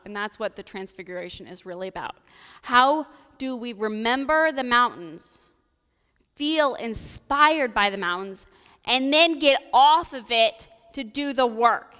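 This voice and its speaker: A woman's voice: fairly high pitch, expressive, a little slow, sharp tone, clear, resonant tone. Chatty woman preaching in an echoing church. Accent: American Midwestern. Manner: casual, chatty delivery with playful voiced asides. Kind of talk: sermon. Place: church sanctuary. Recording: reverberant church hall.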